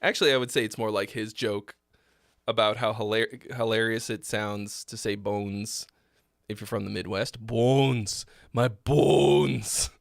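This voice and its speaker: A man hosting a live song-feedback stream, speaking bluntly with many fillers and frequent throat clearing. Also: lowish voice, level tone, normal speed, fairly bright tone, no echo, clean studio sound. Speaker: host giving song feedback. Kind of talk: casual live critique.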